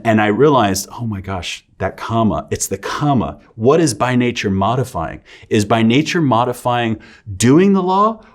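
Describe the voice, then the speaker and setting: A middle-aged man, a seminary lecturer, giving a conversational lecture on scripture, asking rhetorical questions and often checking in with "right?". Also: mid-range voice.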